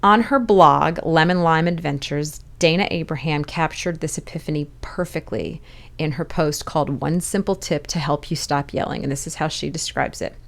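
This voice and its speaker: A woman's voice: sits low, normal speed, vocal fry. A middle-aged woman hosting an education podcast, giving candid advice in a conversational way with little laughs.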